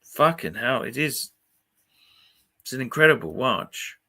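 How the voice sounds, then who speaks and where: A man hosting a casual livestream, swearing constantly and getting excited as he chats. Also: mid-range voice, unhurried. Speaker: livestream host.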